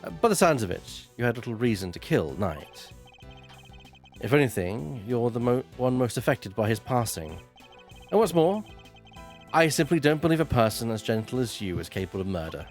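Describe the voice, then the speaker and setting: Man voicing a refined male prosecutor, measured, formal, expressive pitch, faint game music. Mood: reassuring. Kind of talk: fan voice dub of a video game.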